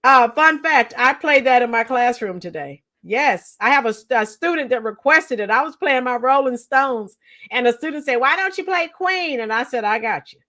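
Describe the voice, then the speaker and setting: Hoarse teacher lady on a livestream, high bright voice, slow chatty rambling, singing along now and then. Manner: chatty, sings along to rock songs, greets viewers by name. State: hoarse, lost her voice from singing. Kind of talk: casual livestream chat with viewers.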